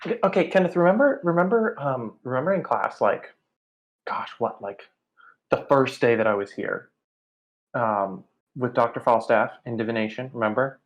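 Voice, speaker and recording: A player explains something earnestly and haltingly in character during a tabletop game. The voice sits at a middle pitch. The recording sounds dull and lo-fi. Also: lively intonation.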